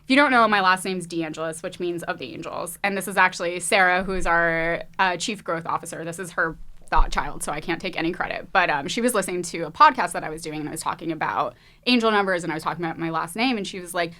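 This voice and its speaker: A woman's voice: on the low side, fast, sharp tone. A young woman chatting as a podcast guest, upbeat, laughing often and using lots of filler words. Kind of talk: casual chat.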